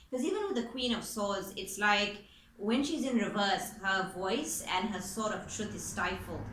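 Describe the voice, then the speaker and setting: A woman's voice: mid-range voice, pushed and bright, a little hiss or hum. A woman giving a casual spoken tarot reading as its reader, chatty and informal, with the odd swear word. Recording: echoey room with faint ambience.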